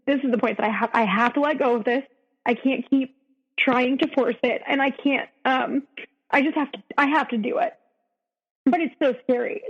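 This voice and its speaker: A woman, a podcast guest, retelling a painful personal story with emotion, often halting and restarting. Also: fairly high pitch, husky, long reverb tail, highs cut off.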